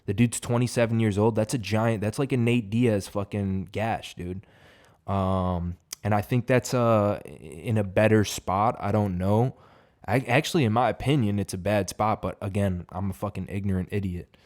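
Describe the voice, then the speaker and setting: A man's voice: on the low side, steady tone, normal speed, darkish tone. A man giving a casual, profane fight reaction, rambling and emphatic. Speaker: MMA reaction host.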